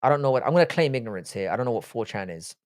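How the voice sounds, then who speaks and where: A man hosting a casual livestream, reading chat messages aloud and answering them in an offhand, foul-mouthed way. His voice sits at a middle pitch for a man. The sound is close and dry, with no room echo. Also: animated, racing. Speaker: livestream host.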